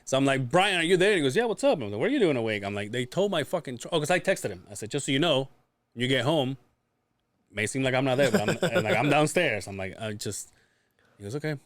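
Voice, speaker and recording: Male podcast co-host, mid-pitch, expressive storyteller, heavy swearing, dry studio sound. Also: fast talker, no echo. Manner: swears often, acts out quoted voices. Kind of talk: casual storytelling chat.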